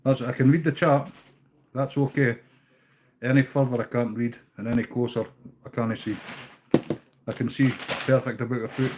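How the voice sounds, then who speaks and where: A man's voice: medium pitch, fairly even intonation, normal speed, long pauses, darkish tone, a little hiss or hum. Easygoing Scottish man chatting while working. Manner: chatty, easygoing, swears casually. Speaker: livestream host tying fishing flies. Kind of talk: casual live-chat while working.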